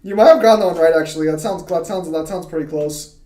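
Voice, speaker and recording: A man's voice: fairly high pitch, quick pace, mellow. Man, casual gaming chat, teasing, laughs a lot, roomy echo. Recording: echoey room.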